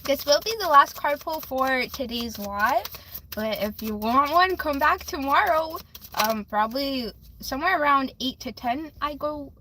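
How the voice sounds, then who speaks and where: A woman's voice: high-pitched, bright, forceful tone, slight background noise, poor audio. A young woman livestreaming tarot readings, chatting with viewers in a bubbly, giggly way. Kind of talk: casual livestream chat.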